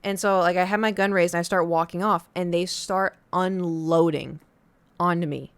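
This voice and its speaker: A young woman streamer casually telling a story to her chat, acting out other people's lines in a high voice. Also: steady tone, normal speed, smooth, no room sound.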